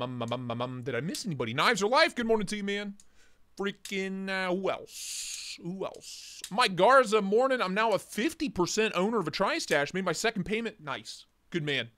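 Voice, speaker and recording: A lively, high-voiced man hosting a casual stream. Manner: joking, rambling, greeting viewers by name. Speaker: livestream host. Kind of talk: casual morning livestream chat.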